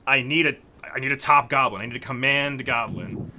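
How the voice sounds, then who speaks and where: A man's voice: mid-range voice, brisk, sharp tone. A man voicing a weary, stern human general who gives blunt, clipped orders in a tabletop game.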